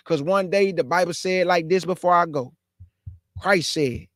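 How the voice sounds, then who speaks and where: A man with a high-pitched voice preaches with fervent, repeated calls to his listeners. His sound is dry and close. He also prays aloud in a pleading way. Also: steady tone, normal speed, no room sound. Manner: fervent, repetitive exhortation. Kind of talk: sermon closing with prayer.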